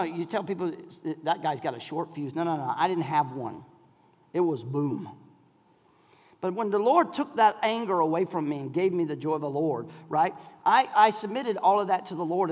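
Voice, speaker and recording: A male pastor preaching to his congregation in a church, his high voice leaping up and down as he moves from shouting to soft, hushed lines. His words ring out with a long hall reverb from the room. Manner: swings from shouting to near whispers, call-and-response. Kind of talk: sermon. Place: church sanctuary.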